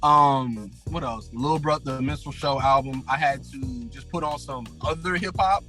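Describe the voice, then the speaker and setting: A man's voice: medium pitch, normal speed, pushed and bright, faint music behind. A man co-hosting a podcast in casual chat, loose and full of fillers. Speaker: podcast co-host.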